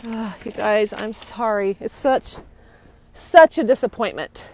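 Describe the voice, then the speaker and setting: A young citizen livestreamer holds her phone while hurrying outdoors near a courthouse, agitated and indignant, repeating herself. Her medium-pitched voice is a little mellow, and her delivery unhurried. The recording is rough.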